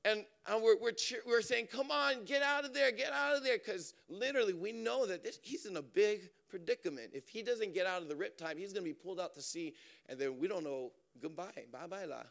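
A man from Hawaii, preaching through a lively personal story with many fillers. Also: sits high, a little fast, vocal fry. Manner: animated, chatty, many fillers and restarts. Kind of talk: storytelling sermon.

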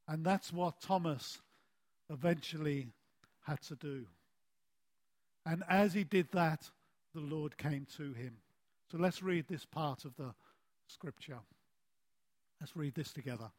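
A man preaching a sermon in a deliberate way, with emphatic phrases that fall soft at the end and a lively, climbing voice for stories. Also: fairly high pitch. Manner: animated storytelling with a rising voice.

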